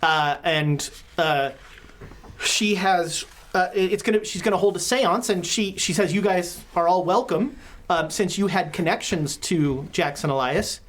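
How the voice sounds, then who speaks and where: A woman's voice: on the low side, unhurried. A woman running a tabletop horror game as game master, chatty and full of joking asides.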